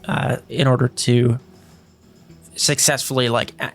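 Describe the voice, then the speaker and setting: A man narrating as game master in a tabletop game, relaxed and hesitant, with many fillers as he works out the rules. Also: mid-range voice, a little slow, creaky, soft background music. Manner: relaxed, hesitant, lots of fillers while ruling.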